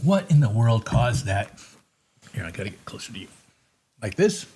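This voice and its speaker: A man hosts a casual live trading recap from a home desk. His pitch swings widely as he jokes and gets excited over the charts. He keeps breaking into laughter. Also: moderate pace, slightly rough. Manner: excitable and joking, bursts of laughter. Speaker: host of a live market recap.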